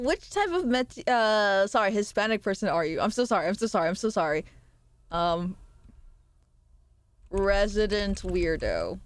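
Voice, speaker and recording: A young adult woman streamer chats casually on a live stream in a medium-pitched voice, with no echo in the recording. She banters with viewers, reads their messages aloud, laughs often, and swears freely.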